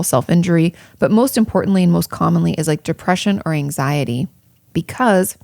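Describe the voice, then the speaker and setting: A woman's voice: on the low side, vocal fry, darkish tone, dry recording, studio quality. A woman therapist hosting a podcast, talking candidly and casually, swearing freely and drifting onto tangents. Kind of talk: casual advice monologue.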